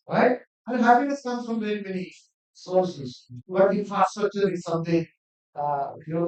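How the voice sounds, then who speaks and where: A man's voice: high voice, a little mellow. Earnest man lecturing in an echoey hall. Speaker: academic lecturer. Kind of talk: conference presentation. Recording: distant mic in echoey hall, dull sound.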